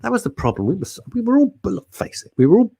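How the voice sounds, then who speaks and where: A man's voice: high-pitched, racing, creaky, breathy edge, no room sound. A man hosting a radio talk show, chatting casually and reading out listener comments by name. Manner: chatty, animated, jokey, talks to listeners by name.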